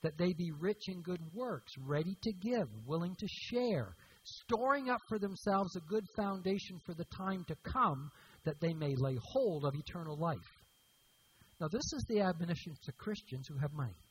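A man's voice: sits high, lively intonation, normal speed, a little hiss or hum, low-quality recording. A man preaching a sermon as pastor, emphatic and repeating key words for stress.

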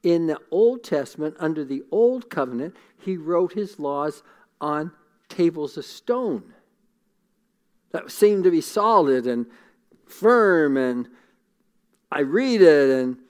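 Earnest high-voiced man preaching a sermon. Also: expressive, slow pace, long pauses. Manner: earnest, emotional, repeats phrases, drops to a hush for God's words. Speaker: pastor.

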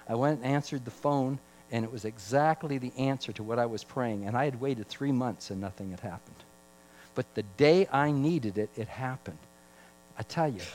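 A man preaching a sermon as pastor, voice climbing for emphasis and dropping low for stories. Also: darkish tone, poor audio.

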